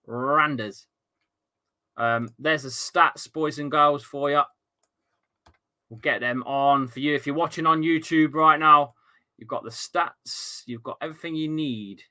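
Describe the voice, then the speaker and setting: Excitable football fan streamer. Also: male voice, on the high side, a little slow. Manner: excitable, swearing, swings from grumbling to shouting. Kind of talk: live fan commentary.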